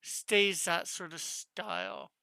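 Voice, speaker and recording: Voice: medium pitch, very animated, takes it slowly, bright, forceful tone, clean tone, dry recording. A comic artist chatting casually with viewers on a live stream while drawing, thinking aloud and asking their advice.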